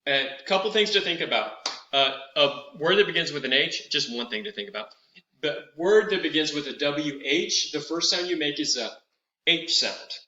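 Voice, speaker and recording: A middle-aged man leading a vocal warm-up as a voice teacher, patient and instructive, slowing down to over-articulate the drills. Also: a little high, animated, roomy sound, dull audio.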